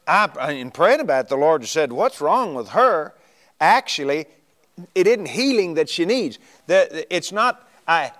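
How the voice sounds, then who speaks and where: A man with a notably high voice preaches a sermon. He drags out key words and jumps up in pitch for emphasis as he retells a story and recites scripture. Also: a bit bright.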